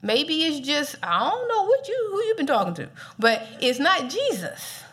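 Female preacher, high and very expressive, casual and funny. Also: moderate pace. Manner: animated, playful, laughs often. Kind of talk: casual sermon.

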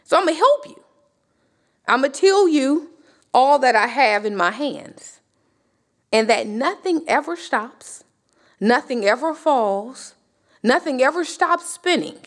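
A woman preacher voicing God as a patient, vast presence gently correcting a man, lower and softer than her own voice. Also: expressive, unhurried, pauses often. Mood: reassuring.

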